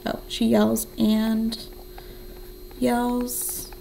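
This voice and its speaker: A young woman with a voice on the high side and some vocal fry speaks at a measured pace; the audio is poor, with slight background noise. Teaching a remote writing lesson, she is encouraging and thinks aloud as she writes, counting syllables in a soft whisper.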